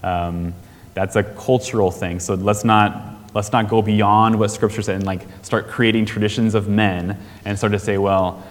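Man, lowish voice, chatty church teacher, long reverb hall, keeps checking in with "right?". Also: fairly even intonation, unhurried. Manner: conversational, asks the audience questions, frequent "right?". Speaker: teacher on family discipleship.

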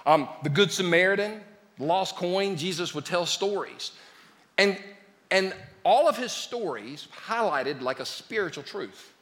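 A man preaching a lively sermon as a pastor, joking with his congregation. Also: high voice, a little slow, big-room sound. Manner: lively, joking with the congregation, calls them "y'all". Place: church sanctuary.

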